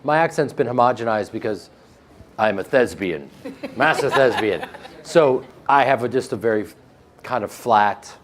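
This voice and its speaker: A man with a flat Midwestern American accent answers interview questions in loose, casual chat. He jokes, laughs easily and trips over his own restarts. His pitch sits at a middle level for a man. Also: moderate pace, a little hiss or hum. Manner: animated, joking, laughs often, with frequent restarts. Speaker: actor being interviewed.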